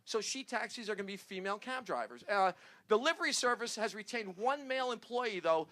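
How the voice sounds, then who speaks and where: A man hosting a comedy show, reading news jokes to his panel in a rambling, halting way and laughing at his own punchlines. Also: high voice, big pitch swings, sharp tone. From New Jersey.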